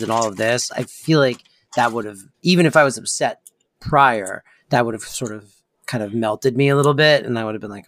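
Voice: medium pitch, brisk, a bit bright, dry recording. A podcast co-host in casual chat, wry and joking, sharing personal reactions.

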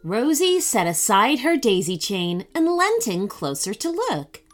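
A woman hosting a children's story podcast, reading in a bright, lilting way. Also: on the high side, wildly swooping pitch, measured pace, faint music behind.

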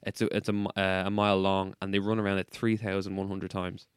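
Young irish guy rambling on a podcast, low smooth voice, dry close mic. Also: flat delivery, fast talker, no echo. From Ireland. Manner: laid-back, rambling and swearing, often laughing. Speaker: podcast co-host. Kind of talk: casual chat.

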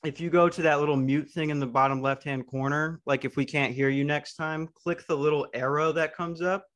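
A man from Arizona hosting a podcast over an online call, cracking deadpan, crude jokes in casual banter. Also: fairly high pitch, a little fast. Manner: joking, deadpan crude humor. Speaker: podcast host.

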